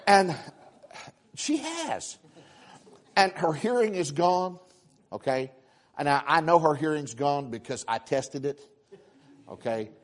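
Animated preacher man acting out stories. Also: a little high, measured pace. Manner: animated, acts out voices and exclamations, frequent repeated words. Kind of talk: sermon storytelling.

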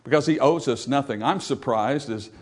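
A male pastor preaching a sermon, emphatic, asking the congregation rhetorical questions and building up loudly as he quotes scripture. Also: medium pitch, moderate pace.

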